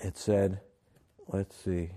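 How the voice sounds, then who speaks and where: A man with a low voice, a guest author on an interview show, speaks slowly as he relates a story at length. He brings it to life animatedly, acting out the quotes as he goes.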